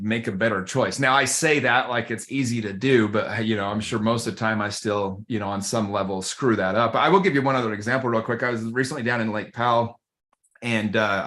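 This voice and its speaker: A man who coaches a men's group, telling a story as a guest in a podcast interview, animated and conversational, often addressing the host by name. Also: fairly low pitch.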